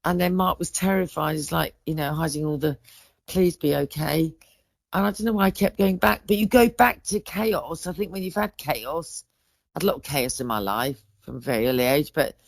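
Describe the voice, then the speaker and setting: A woman's voice: on the low side, expressive, moderate pace, vocal fry, no echo. A woman in her forties, a podcast guest in casual chat, telling stories in a rambling way, breaking off and restarting her sentences. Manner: rambling, self-interrupting storyteller.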